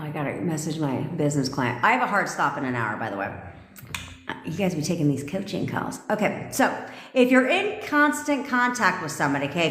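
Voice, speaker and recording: A woman coach hosts a live stream in a brash, bossy, swearing way, firing out commands and answering viewers' comments. Her voice sits a little low. The room is echoey, with a long reverb tail behind her. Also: fairly bright tone. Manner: reads live comments aloud. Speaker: manifestation coach.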